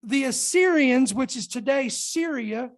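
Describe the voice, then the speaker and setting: A woman's voice: sits high, animated, measured pace. Fervent woman preaching a sermon. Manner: fervent, calls out to the congregation.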